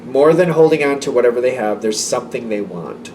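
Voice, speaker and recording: A man's voice: mid-range voice, expressive, brisk, a little mellow, distant mic, a little hiss or hum. Chatty man reading tarot cards. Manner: chatty, repetitive, laughs between lines. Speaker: tarot reader. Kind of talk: casual tarot reading to camera.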